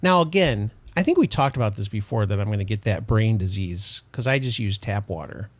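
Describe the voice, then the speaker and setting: A man co-hosting a podcast, chatting casually in an animated, emphatic way and laughing often. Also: on the low side, brisk, no echo. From Detroit. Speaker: podcast co-host. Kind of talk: casual chat.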